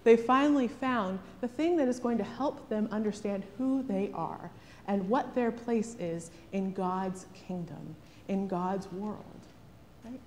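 A woman's voice: medium pitch, measured pace, big-room sound, a little hiss or hum. A woman pastor preaching a sermon, asking rhetorical questions and often adding "right?". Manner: animated, rhetorical, frequent "right?".

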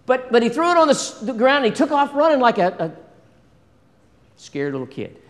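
A man preaching a sermon in a lively way, acting out scripture dialogue and asking the congregation questions. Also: very high-pitched, a little fast. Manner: animated, acts out biblical dialogue, asks congregation questions. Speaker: pastor. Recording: long hall reverb.

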